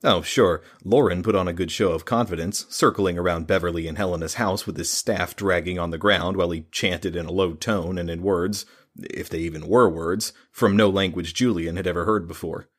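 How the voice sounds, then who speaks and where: A man narrates a fantasy novel in a steady, measured reading. His voice sits very low with a husky grain. The delivery is calm and even. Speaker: audiobook narrator.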